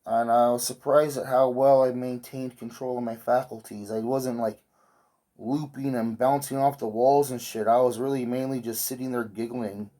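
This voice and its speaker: A man's voice: mid-range voice, steady tone, moderate pace, mellow. A man vlogging while he sews, telling a meandering story in an offhand way and swearing casually.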